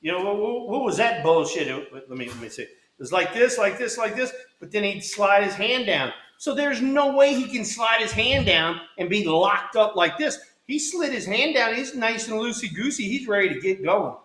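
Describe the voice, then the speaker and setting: A man's voice: high-pitched, animated, moderate pace, hardly any pauses, fairly bright tone. Blunt, cursing man in a roomy space. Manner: blunt, profane and rambling. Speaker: co-host, former hitter. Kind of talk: casual podcast chat. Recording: roomy echo.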